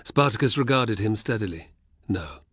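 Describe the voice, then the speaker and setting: A man narrating an audiobook in a measured, even way. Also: on the low side, husky, no echo, studio quality. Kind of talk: scripted narration.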